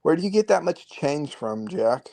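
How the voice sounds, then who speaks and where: A man hosting a stream who keeps pressing a guest with halting, filler-heavy questions. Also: on the high side, big pitch swings, vocal fry, darkish tone. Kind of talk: casual questioning.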